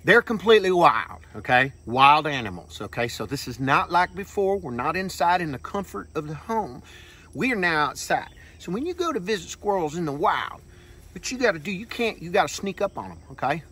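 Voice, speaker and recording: A man hosting a comic vlog outdoors, talking in a folksy, hushed, deadpan way and tagging phrases with "okay?". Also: a little high, brisk, breathy edge. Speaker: vlog host playing a self-styled squirrel expert. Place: outdoors under a tree on a farm. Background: faint crickets and insects.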